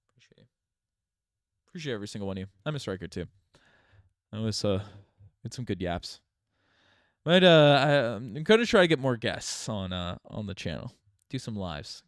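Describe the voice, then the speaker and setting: A man's voice: on the low side, lively intonation, normal speed, pauses often, dry recording, studio quality. A young man from Newfoundland with a light Newfoundland accent, hosting a rambling, chatty live stream with many restarts and laughs. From Newfoundland, Canada. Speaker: channel host. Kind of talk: casual live stream chat.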